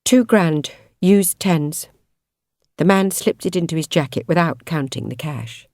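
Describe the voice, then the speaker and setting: A woman reading a novel aloud as an audiobook narrator, in expressive, measured storytelling. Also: deep voice, dry recording, studio quality. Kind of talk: scripted narration.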